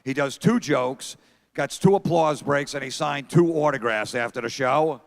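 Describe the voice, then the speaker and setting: A man's voice: mid-range voice, normal speed. A middle-aged man doing stand-up comedy on a theater stage, telling brash, profane stories and talking to the crowd. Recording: long theater reverb.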